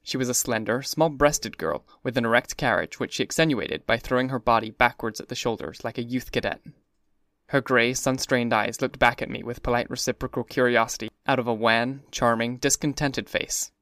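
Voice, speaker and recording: A man giving a measured, even first-person reading of a classic novel. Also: mid-range voice, no echo, clean studio sound. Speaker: audiobook narrator. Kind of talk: scripted first-person narration.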